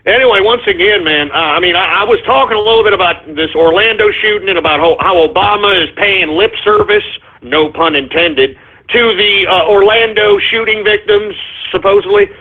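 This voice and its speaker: A man's voice: high voice, moderate pace. Brash, profane talk radio host man. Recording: tinny phone-like internet radio audio.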